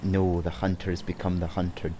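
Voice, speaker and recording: A man's voice: low voice, flat delivery, moderate pace, noisy background. A man hosting a gaming channel, giving casual gameplay commentary with dry, sarcastic muttering at a teammate.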